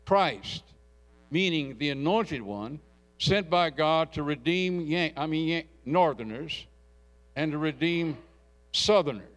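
A middle-aged man preaches a sermon, his voice sitting a little higher than most men's. He tells stories in a folksy, plain way and climbs into loud, fervent calls to the congregation. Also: animated, slow. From Louisiana. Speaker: pastor.

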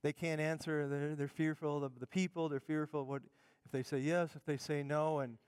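A middle-aged male pastor preaches with fervent, emphatic conviction in a smooth, resonant voice that sits slightly high for a man. He is close and dry on the mic, with no room echo. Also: little pitch movement, moderate pace. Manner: fervent, emphatic preaching that drops to quiet asides. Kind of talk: sermon.

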